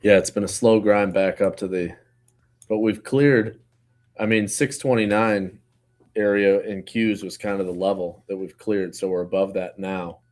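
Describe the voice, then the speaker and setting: A man co-hosting a live trading stream in relaxed casual chat, recounting his own trades. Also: on the low side, normal speed.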